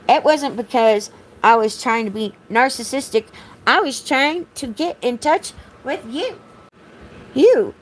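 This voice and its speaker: A woman's voice: high-pitched, poor audio. A woman talking straight to the camera in a blunt, profane, accusatory monologue, repeating her phrases as she rambles. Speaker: vlogger.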